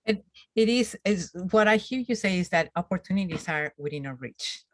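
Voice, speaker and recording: A woman hosting an interview, speaking in a thoughtful, measured way with frequent ums. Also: on the low side, expressive, no room sound. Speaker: host interviewer. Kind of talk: conversational summit interview.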